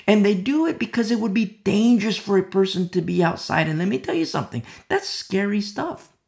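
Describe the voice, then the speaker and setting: A man preaching a verse-by-verse sermon, repeating phrases with urgent appeals and dropping to soft whispers at times. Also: sits high, lively intonation, a little fast, creaky. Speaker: preacher teaching a Bible study.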